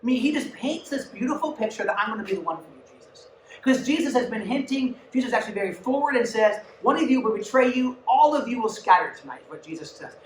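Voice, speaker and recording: Animated woman preaching to youth, echoey. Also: mid-range voice, slight background noise. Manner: conversational and animated, with asides to the audience. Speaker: youth pastor. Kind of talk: youth sermon. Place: church youth room. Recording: echoey room, mic at a distance.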